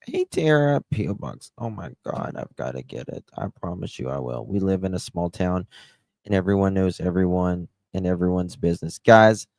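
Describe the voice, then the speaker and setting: Man, very deep voice, dry close sound, tired, casual livestream chat. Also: lively intonation, normal speed, vocal fry, a little mellow, no room sound. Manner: chatty, drawling, talks to chat by name. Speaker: livestream host.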